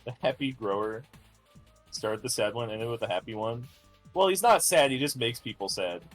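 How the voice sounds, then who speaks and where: Husky, lively male stream guest. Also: mid-range voice, fairly quick, soft background music. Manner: enthusiastic, lively. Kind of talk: casual chat on a livestream.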